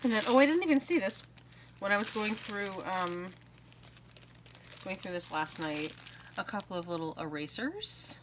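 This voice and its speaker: A craft vlogger in her thirties from the United States chats casually and giggles while showing off mail she received, trailing off with ums. Her voice is fairly low, and there is noise in the background.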